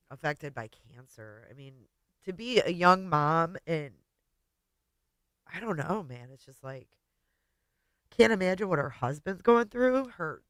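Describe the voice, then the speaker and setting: A woman hosting a livestream and talking casually to her viewers, tearful, halting and often trailing off quietly. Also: sits low, no echo. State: tearful, voice breaking. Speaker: livestream host.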